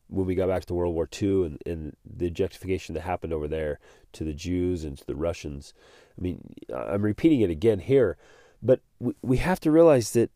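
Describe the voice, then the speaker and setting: Earnest podcast host with a mellow voice. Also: male voice, sits low, no echo, clean studio sound. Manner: earnest and animated, repeats words, gets fired up. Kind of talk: motivational podcast monologue.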